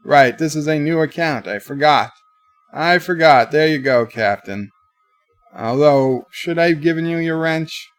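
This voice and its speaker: A man hosting a casual livestream from his bedroom, reading viewers' comments aloud in a livelier voice and answering them in a lower, quieter tone. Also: unhurried. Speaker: livestream host.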